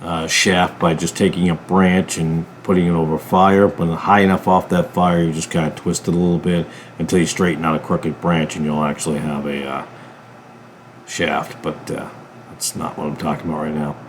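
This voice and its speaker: A man from a ministry channel giving a political commentary monologue, emphatic, jumping from loud bursts to low mutters. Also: little pitch movement, normal speed, a little hiss or hum. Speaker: ministry preacher.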